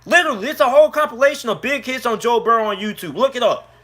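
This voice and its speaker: Heated man, sports vlogger, high sharp voice, furious repetitive rant. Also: fast talker. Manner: angry, heated, repetitive ranting. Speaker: sports YouTuber. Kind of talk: ranting sports commentary.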